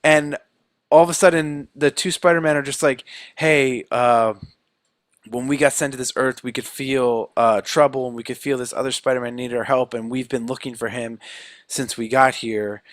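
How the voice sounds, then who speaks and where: Man, podcast co-host, animated storytelling, plays out quotes, middle pitch, dry sound. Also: normal speed, dry recording. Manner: animated retelling, acting out quotes. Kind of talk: casual film recap chat.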